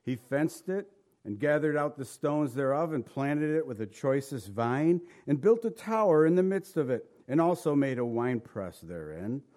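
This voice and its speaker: A man of middle pitch leads an informal Bible study. He reads passages aloud and then talks them through in a plain, conversational way. He often stumbles and repeats words as he explains. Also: sing-song, moderate pace, darkish tone. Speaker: Bible teacher.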